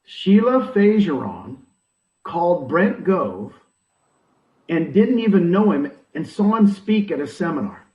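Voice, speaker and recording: A man's voice: high voice, sing-song, measured pace. A man giving punchy advice with rhetorical questions, recorded echoey, distant and dull. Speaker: interviewee, real estate recruiting mentor. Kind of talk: animated advice talk.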